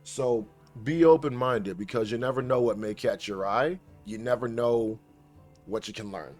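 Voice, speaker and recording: A man's voice: on the low side, fairly even intonation, moderate pace, faint music behind. A man giving casual, laid-back advice while playing a game, swearing now and then and trash-talking what he fights. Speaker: gaming guide creator.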